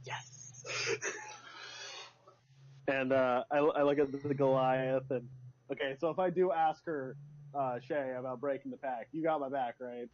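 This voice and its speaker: A man's voice: mid-range voice, steady tone, normal speed, a little mellow. Rambling man in tabletop role-play. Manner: rambling, hesitant, jokey, acts out lines. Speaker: player. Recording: lo-fi dull recording.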